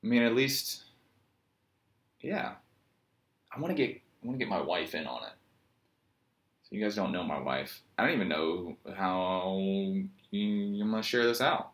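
A man with a Virginian accent and a very low voice talks straight to his viewers in a loose, meandering monologue. He drifts between stories and deadpan jokes, poking fun at himself along the way. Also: unhurried, long pauses. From Virginia, USA. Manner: joking, meandering, self-mocking storyteller. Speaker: yoga teacher and vlogger. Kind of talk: rambling casual monologue.

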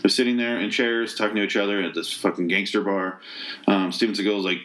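A man's voice: fairly low pitch, fairly even intonation, brisk, fairly bright tone. A man reviewing a movie in a casual rant, sarcastic and exasperated, swearing often and restarting his sentences.

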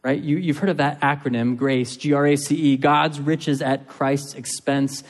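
A fairly high-voiced male preacher delivers a sermon in an earnest way, often doubling back on his words to press a point. His voice has a husky edge, and it rings out with a long echo as if in a big church hall. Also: steady tone, moderate pace. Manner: earnest, repeats and restarts phrases for emphasis.

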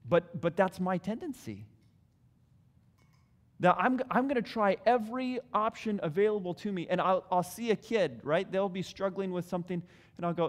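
A man preaching a sermon in a hall, animated, acting out prayers in different voices. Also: high-pitched, moderate pace. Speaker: pastor. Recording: long hall reverb.

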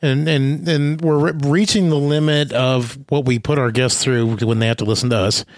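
A hoarse man hosting a casual chat who tells stories and restarts his sentences often. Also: mid-range voice, fairly even intonation, normal speed, dry recording. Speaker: podcast host.

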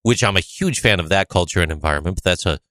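A man's voice: low-pitched, expressive, quick pace, fairly bright tone, dry recording. A man co-hosting a casual conversation podcast, joking and firing off rhetorical questions. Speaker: podcast co-host.

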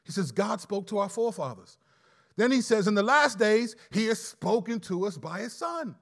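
A man preaching a sermon, emphatic, with sudden loud stresses and slowed key phrases. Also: high-pitched, very animated, creaky.

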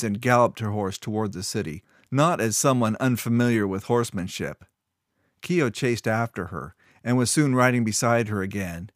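A man's voice: medium pitch, dry recording. Man reading a story in a dry room. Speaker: narrator. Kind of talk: scripted narration.

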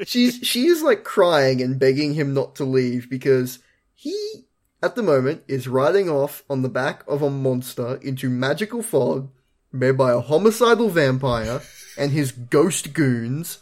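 Animated host retelling a cartoon episode. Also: mid-range voice, measured pace. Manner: storytelling, acts out characters' lines, laughs and swears. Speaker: podcast co-host, main recapper. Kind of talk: casual episode recap.

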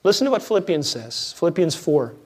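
A man preaching a conversational, jokey sermon as a pastor, his delivery dropping to a hush and then rising loud. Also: on the high side, very animated, brisk, breathy edge. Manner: conversational, jokey, swings between hushed and loud.

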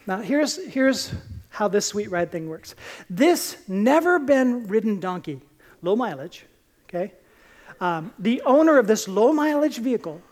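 Speaking at a measured pace in a mid-range voice, a woman delivers a sermon, recounting Bible stories conversationally and with animation. She performs the quoted lines as she goes.

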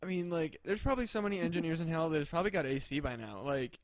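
Guy on a comedy podcast, bit high voice, swears constantly, dry mic. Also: no echo. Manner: profane, quick riffing jokes. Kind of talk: casual comedic banter.

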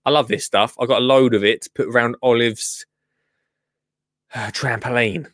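A man's voice: mid-range voice, steady tone, normal speed, a bit bright, no echo, studio quality. A man chatting casually as he reacts to a gardening clip, jokey and rambling with many asides. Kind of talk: casual chat commentary.

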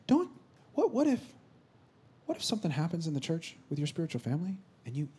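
Male pastor, 30s, husky voice, preaching a sermon in church; dynamic, from shouted lines to whispers. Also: a little high, wildly swooping pitch, fast talker. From California. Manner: swings from loud exclamation to soft whispered asides. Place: church sanctuary.

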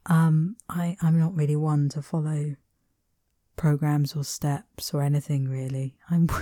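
A woman hosting a reflective solo podcast, meandering gently with soft laughs and whispered asides. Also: sits low, flat delivery, takes it slowly, dry recording, clean studio sound. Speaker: podcast host.

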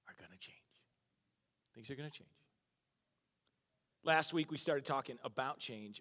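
A man preaching as a pastor, telling a story, animated, and acting out the people in it. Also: mid-range voice. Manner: animated, acts out quotes, laughs at his own stories. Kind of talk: sermon with storytelling. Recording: long reverb of a hall.

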